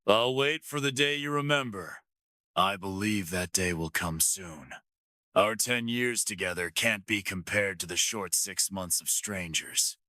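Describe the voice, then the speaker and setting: A man narrating a romance story in the first person with steady storytelling. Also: sits low, a little slow, no echo, studio quality.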